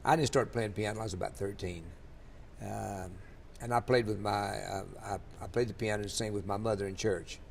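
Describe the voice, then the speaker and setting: A man's voice: on the low side, fairly even intonation, a little fast, creaky, slight background noise. An older man from Louisiana, telling long rambling stories in an interview, full of fillers and restarts. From Louisiana, USA. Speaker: interviewee, country singer. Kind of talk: storytelling in an interview.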